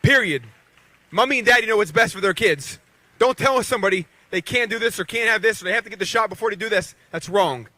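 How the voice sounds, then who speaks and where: A man's voice: high voice, quick pace, bright, forceful tone, no echo. A man in his thirties from western Pennsylvania, a professional boxer giving a rousing rally speech with call-and-response to the crowd. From Beaver County, Pennsylvania.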